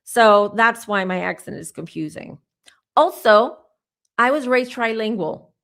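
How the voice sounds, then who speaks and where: A woman's voice: on the high side, animated, measured pace, gravelly, fairly bright tone. A woman tarot reader with a mixed American and British accent, chatting casually with a livestream audience, rambling, often restarting and stumbling over her words. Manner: opinionated, rambling. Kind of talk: casual livestream chat answering comments.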